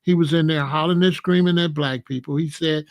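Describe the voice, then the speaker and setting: Brisk and steady in tone, a man with a slightly high voice hosts a reaction commentary. He makes his case by firing off repeated rhetorical questions.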